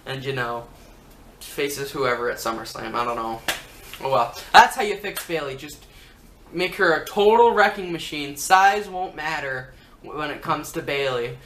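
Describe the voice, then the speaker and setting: A man rambling casually as a wrestling vlogger, pitching his own storyline ideas. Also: unhurried, a bit bright. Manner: rambling, chatty, lots of fillers. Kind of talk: casual fan commentary. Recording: roomy room echo, faint hum.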